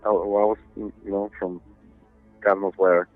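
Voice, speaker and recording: As a podcast guest on a tinny, phone-like line, a man tells a ghost story casually, rambling and swearing with plenty of fillers. His voice is fairly low and level, he speaks at normal speed, and soft music plays in the background.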